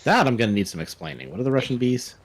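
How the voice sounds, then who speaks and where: Male streamer, animated pitch, casual, narrates his own puzzle-solving. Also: rapid-fire. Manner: thinking aloud while solving puzzles. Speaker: streamer guest. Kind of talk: casual live-stream chat.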